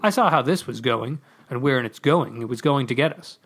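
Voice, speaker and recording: Husky, animated male story reader. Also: medium pitch, fairly quick. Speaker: podcast host reading a story. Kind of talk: theatrical first-person story reading.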